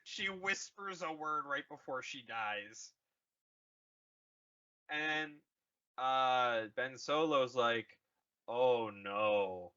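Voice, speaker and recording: Slow, bright-voiced man recapping a film. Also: medium pitch. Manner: rambling, jokey, swears. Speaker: podcast co-host. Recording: dull lo-fi audio.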